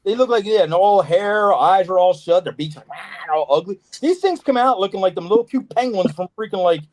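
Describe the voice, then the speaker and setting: Lively, high-voiced storytelling man. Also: brisk, dry recording, poor audio. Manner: loose, profane storytelling with voiced asides. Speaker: podcast host, reptile breeder. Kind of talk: casual podcast chat.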